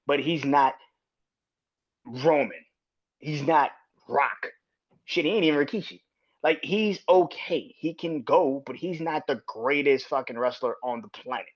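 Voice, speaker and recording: Profane ranting man on a lo-fi mic. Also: medium pitch. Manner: profane, ranting, repetitive restarts. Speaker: podcast host. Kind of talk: solo wrestling review podcast.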